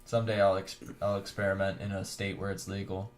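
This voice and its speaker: A man's voice: deep voice, level tone, brisk, slight background noise. A man co-hosting a casual podcast with friends, telling a rambling, profane story and laughing often. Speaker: podcast co-host.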